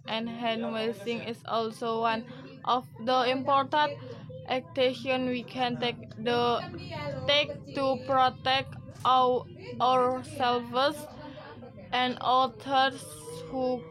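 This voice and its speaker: Slow, hesitant woman presenting in class. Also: high-pitched, low-quality recording. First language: not English. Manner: hesitant, restarts words. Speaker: student presenter.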